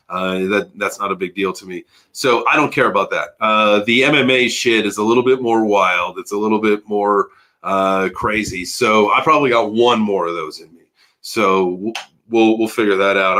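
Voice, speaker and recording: A man in his early forties hosting a casual crypto livestream, rambling and animated, chatting with viewers and swearing freely. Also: fairly low pitch. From United States. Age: 40s.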